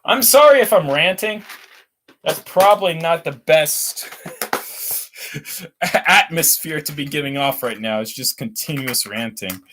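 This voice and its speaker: A man's voice: a little high, lively intonation, a little slow, pauses often, a bit bright, slight background noise. A young man hosting a casual livestream while building toy models, rambling and ranting between reading out chat messages.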